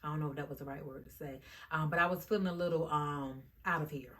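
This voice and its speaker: Woman, low-pitched voice, vlogger, casual to-camera talk, animated, chatty, addresses viewers directly. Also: fast talker. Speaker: YouTube vlogger.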